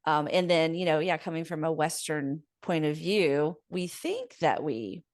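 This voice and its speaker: A woman from Florida hosting a relaxed podcast interview, easygoing and laughing often. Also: sits low, unhurried, dry recording, clean studio sound. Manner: relaxed, laughs easily, many fillers. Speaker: podcast host. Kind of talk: casual interview. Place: lives in Southern California.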